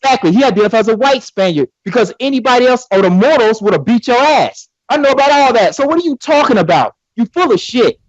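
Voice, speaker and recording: A man's voice: extremely high pitch, expressive, fast talker, hardly any pauses, no echo, highs cut off. A man arguing in a heated debate, combative and taunting, often repeating himself.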